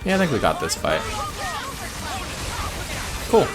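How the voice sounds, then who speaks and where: Chatty American man with lively pitch. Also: a little slow, over music. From United States. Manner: rambling, joking asides and self-mocking chatter. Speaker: let's play host. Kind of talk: casual gameplay commentary.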